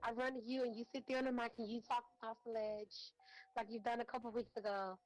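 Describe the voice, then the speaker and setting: Woman roaster, heartfelt and rambling, slightly high voice, faint music. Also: level tone, quick pace, rough recording. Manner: rambling, warm-hearted, many fillers. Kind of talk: heartfelt tribute speech.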